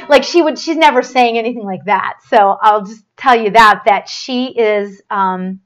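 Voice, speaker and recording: A woman's voice: on the high side, a bit bright, dull audio. Rambling woman medium on a live stream. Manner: rambling, halting, many fillers and restarts; gushing and affectionate. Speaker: medium hosting a live show. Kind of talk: live-stream chat and psychic reading.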